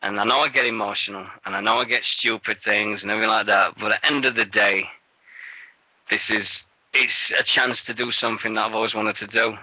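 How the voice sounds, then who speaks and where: Excitable swearing man with a bright voice. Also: on the low side, brisk, low-quality recording. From England. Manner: excitable, rambling, swears freely. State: nervous, shaky. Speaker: radio show co-host. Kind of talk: casual radio chat.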